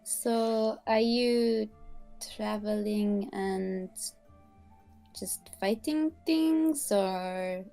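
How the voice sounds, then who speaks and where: A woman plays in a tabletop game, speaking slowly in a friendly, slightly hesitant way. Her voice is mellow and warm. Faint music sits behind her. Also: mid-range voice. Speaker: player. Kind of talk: in-character tabletop role-play.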